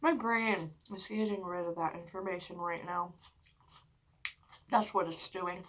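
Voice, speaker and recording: Woman mukbang vlogger, unhurried and bright, chatty storytelling with frequent swearing and sudden whispers. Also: fairly low pitch, fairly even intonation, slight background noise. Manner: chatty, swears often, fills speech with "like"; drops into hushed whispers for dramatic moments. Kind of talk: casual storytelling while eating.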